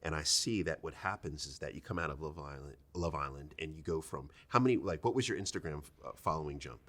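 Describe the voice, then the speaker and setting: A man hosting a podcast, asking questions in a halting way and repeating words as he thinks. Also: extremely low pitch, fairly bright tone. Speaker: podcast host. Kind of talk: interview questions, conversational.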